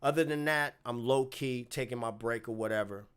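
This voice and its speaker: A man telling a story from his gigs in a casual vlog, swinging from low muttering to loud outbursts. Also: moderate pace, smooth. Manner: animated, swings from muttering to shouting. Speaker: bass player telling a story.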